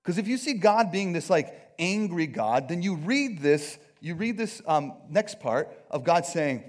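A man preaching a conversational sermon, animated, acting out quotes and often checking in with his listeners. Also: fairly high pitch, unhurried. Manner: animated, acts out quotes, keeps asking "right?". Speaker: pastor.

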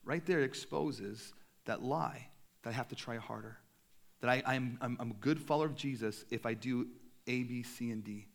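A young man, a pastor, preaching a sermon in a casual, animated way with self-deprecating humor. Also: mid-range voice, moderate pace.

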